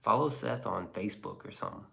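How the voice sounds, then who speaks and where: A man's voice: lowish voice, quick pace, gravelly, sharp tone. A man casually reading viewer comments on a live stream, sarcastic and crude, slipping into whispers and mock voices.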